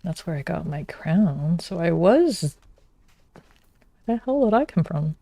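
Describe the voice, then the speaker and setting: Low gravelly woman streamer. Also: big pitch swings, unhurried, mellow, no echo. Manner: chatty, teasing viewers. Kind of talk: casual game-stream chat.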